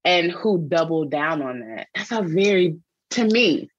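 A woman's voice: lowish voice, animated, measured pace, slightly rough, no echo, muffled recording. A woman theologian being interviewed on a podcast, speaking earnestly and reflectively with frequent restarts. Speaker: guest, theologian and author.

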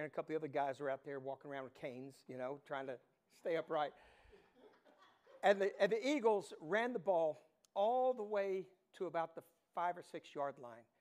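A middle-aged man preaching a sermon as pastor, animated storytelling that swings from hushed to loud. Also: fairly high pitch.

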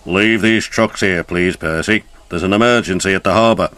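A man's voice: low voice, bright, forceful tone, pitched below the performer's own voice. A man doing a commanding railway boss. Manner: brisk and commanding. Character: stout, authoritative male railway boss. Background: background music.

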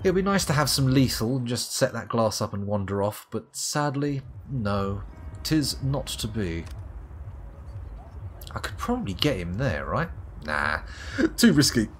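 A man's voice: medium pitch, very animated, moderate pace, slight background noise. A man from England with a southern English accent, giving sardonic, sweary live commentary on a game he is playing. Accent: southern English, near London. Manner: sardonic, swearing, muttering to himself. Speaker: streamer.

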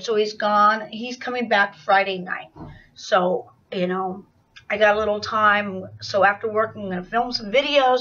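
A woman's voice: medium pitch, a bit bright. A middle-aged woman vlogging a candid, rambling video diary in a confessional manner. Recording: dull, slightly distant sound.

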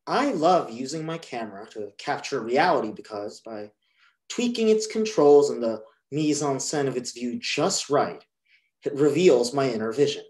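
A teenage boy from New York introducing himself and reading an excerpt of his personal essay in a careful, measured way. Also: mid-range voice, lively intonation, a little mellow. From New York, USA. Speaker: student reader.

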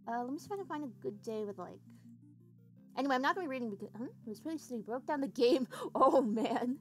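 Lively-voiced woman streamer chatting casually. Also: high voice, fast talker, soft background music. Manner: chatty, swears casually, talks to chat. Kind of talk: casual livestream chat while gaming.

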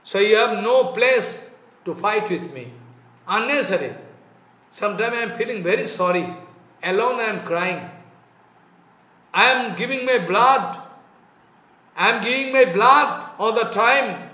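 Impassioned Indian man preaching, bright echoey voice. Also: sits high, lively intonation, measured pace, pauses often. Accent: Indian English. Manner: impassioned, repetitive, emphatic. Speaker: spiritual teacher. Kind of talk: devotional sermon. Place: online talk in an echoey room. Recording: echoey room sound.

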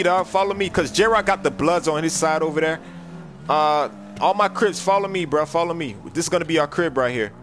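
A young man on a gaming livestream, joking loudly and bossing his crew around, jumping from shouts down to low mumbles. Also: normal speed, a little hiss or hum. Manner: loud, joking, bossy, swings from shouting to mumbling. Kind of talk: casual gaming livestream chat.

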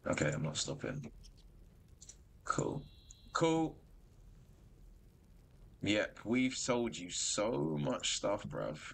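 A man giving casual commentary while streaming a video game. He is animated and excitable, and he laughs often. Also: lowish voice, drawn-out words, creaky, pauses often, slightly rough. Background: game music.

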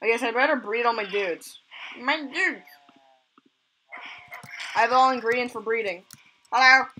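A woman hosting a let's play, giving excitable commentary and gushing over cute animals. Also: fairly high pitch, moderate pace, a little hiss or hum, poor audio. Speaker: gaming channel host.

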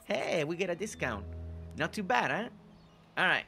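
Upbeat gaming host with a bright voice. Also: male voice, high-pitched, big pitch swings, moderate pace, creaky, a little hiss or hum. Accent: non-native English accent. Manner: upbeat, greets chat viewers by name. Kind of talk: casual live gameplay commentary. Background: faint game music.

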